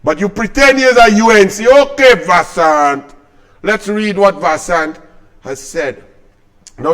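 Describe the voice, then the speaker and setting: A man's voice: high-pitched, a bit bright. A man with a Trinidadian accent delivering a sarcastic, combative political rant as a commentator, mocking his targets.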